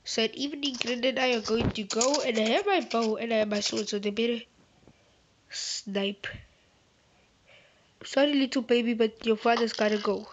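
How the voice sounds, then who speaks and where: A woman host giving rambling, playful, chatty commentary while she plays a game. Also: fairly high pitch. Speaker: gaming channel host. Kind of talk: gameplay commentary. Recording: slightly muffled with faint hiss.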